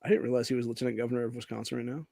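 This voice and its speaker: A man's voice: mid-range voice, steady tone, rapid-fire, vocal fry, mellow, no room sound. A man hosting a casual political show, ranting angrily with heavy profanity and calling everyone "dude". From Ohio, USA. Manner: profane, angry, says "dude" often. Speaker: podcast host.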